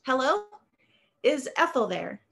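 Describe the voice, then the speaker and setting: A lonely old widower calling strangers, polite and a little hesitant, his voice pitched fairly high as a woman reads him aloud. He asks his questions carefully, like someone reaching out into the dark. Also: sing-song, slow pace, gravelly, full character voice.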